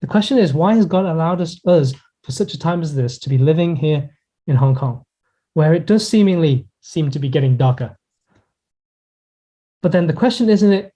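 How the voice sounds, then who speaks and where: A male pastor preaching a sermon in an earnest, reflective way, slowing down and pausing to stress key words. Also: a little high, expressive, dark tone, slightly rough. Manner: earnest, reflective preaching with pauses and slowed emphasis. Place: church in Hong Kong.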